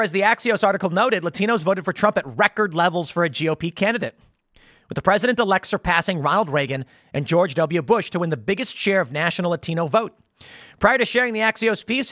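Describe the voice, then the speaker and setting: An American man with a high-pitched voice hosts a casual political commentary monologue, rambling through animated stories, restarting sentences, and laughing as he goes. The sound is dry and close, with no room echo.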